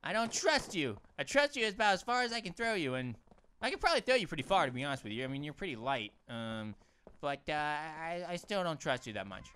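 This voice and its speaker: A man's voice: fairly high pitch, big pitch swings, a little fast, pushed and bright, a little hiss or hum. A man hosting a gaming channel, giving goofy let's-play commentary full of puns and talking to the characters on screen. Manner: punning, jokey, talks to game characters. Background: game music.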